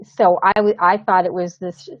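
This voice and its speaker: A woman's voice: on the low side, normal speed, dry recording. A woman actor, a guest on an interview show, telling a long story in a casual way and acting out the other people's lines. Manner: animated, acts out the voices of people in her story. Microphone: remote call setup. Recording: slightly dull lo-fi sound.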